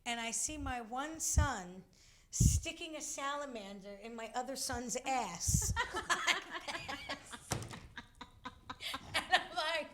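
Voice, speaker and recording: A middle-aged woman co-hosting a casual talk show, telling a family story in an animated way. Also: high voice, slow, long pauses, heavy background noise. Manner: animated storytelling, acts out voices. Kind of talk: casual chat.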